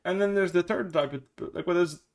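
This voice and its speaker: A man's voice: high voice, fairly quick, darkish tone. A man coaching a player through a game review in casual talk, blunt and swearing a lot, acting out little scenes.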